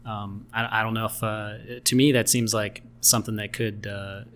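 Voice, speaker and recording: A man's voice: on the low side, little pitch movement, moderate pace, fairly bright tone, slight background noise. A man co-hosting a restaurant podcast in casual chat, rambling with many restarts and fillers. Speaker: podcast co-host.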